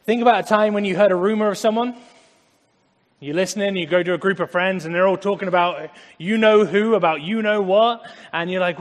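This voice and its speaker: A man's voice: high voice, brisk. A man preaching a conversational sermon, mixing scripture with personal anecdotes and casual asides. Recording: long hall reverb.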